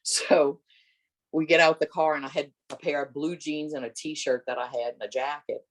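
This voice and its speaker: A middle-aged woman, an interview guest, telling a personal story and acting out the voices of people in it with big jumps in pitch. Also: steady tone, moderate pace.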